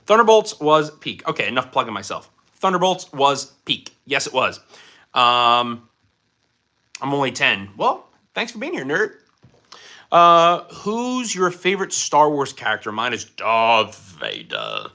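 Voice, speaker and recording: In a brightly lit indoor room, a young livestream host reads viewer comments and rambles, restarting often and filling gaps with fillers. His voice is a little high and a little slow, with big pitch swings and a bright, forceful tone.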